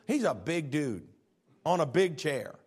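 A man's voice: fairly high pitch, big pitch swings, unhurried, slightly rough. Man preaching a dynamic sermon. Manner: preaching with big swings from hushed to shouted. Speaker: pastor.

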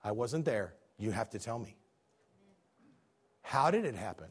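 A man preaching a sermon, swinging from booming shouts to low hushed tones. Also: sing-song, measured pace, husky.

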